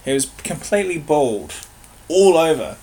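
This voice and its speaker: A man's voice: fairly high pitch, very animated, moderate pace, darkish tone, husky. A man joking crudely in a casual chat, putting on mock voices and giggling. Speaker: podcast host. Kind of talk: comedic banter.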